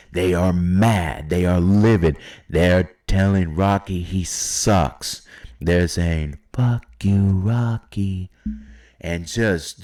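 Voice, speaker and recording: A man with a very low, deep voice thinks out loud in a loose, rambling way. He hesitates often and fills the gaps with ums and uhs. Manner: rambling, hesitant with many fillers. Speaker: YouTube wrestling predictor. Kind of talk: casual solo prediction talk.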